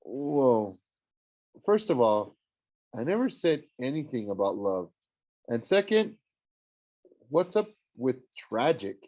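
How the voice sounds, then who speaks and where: A man voicing an awkward, defiant teenage boy in an audiobook, flustered with quick retorts. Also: mid-range voice, big pitch swings, darkish tone. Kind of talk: audiobook character voice.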